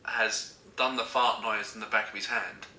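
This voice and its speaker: A man's voice: fairly low pitch, fairly even intonation, moderate pace, noisy background. A man telling a comic story casually, often breaking into giggles. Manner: giggly, keeps breaking into laughter. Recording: echoey room.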